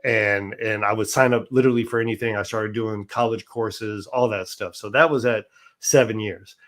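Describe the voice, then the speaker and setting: Speaking at an ordinary pace, this man has a fairly low, steady, somewhat bright voice. He's a guest in a casual storytelling interview, relating what happened to him in a relaxed way, often tossing in "right?" and starting his sentences over.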